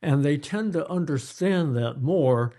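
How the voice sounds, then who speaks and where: Older male pediatrician guest; relaxed, drawn-out delivery, mellow voice, acts out examples. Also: a little high. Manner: unhurried, storytelling, acts out examples. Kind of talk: advice-giving interview chat.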